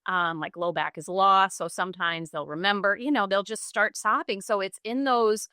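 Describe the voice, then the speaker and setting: A middle-aged woman, a yoga teacher and bodyworker, guesting on a podcast and telling stories in an animated way. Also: medium pitch, normal speed, smooth, no echo, clean studio sound. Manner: animated storytelling, acts out quoted clients. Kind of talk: casual conversational interview.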